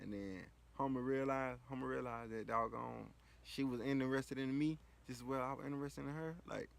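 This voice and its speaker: A man's voice: medium pitch, creaky, pushed and bright. A man casually telling a story, rambling and slangy, with lots of filler phrases. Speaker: vlogger.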